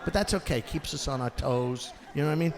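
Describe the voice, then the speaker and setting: A man doing a stand-up comedy set on a theater stage, acting out characters and shouting his punchlines. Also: a little high, quick pace, some chatter behind. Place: theater stage before a live audience. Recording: roomy hall sound with audience noise. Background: audience laughter.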